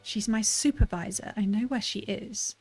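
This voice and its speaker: Casting: woman doing a quick-tongued young scholar, brisk and sharp, mid pitch, soft music behind. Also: steady tone, vocal fry, slightly rough. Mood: brusque. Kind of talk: reading game dialogue aloud.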